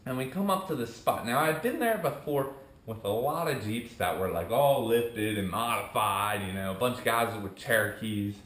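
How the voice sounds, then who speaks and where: A young man starting a vlog channel talks at normal speed in a lowish voice. His story wanders casually and lively, with his friends' words acted out, all in an echoey room.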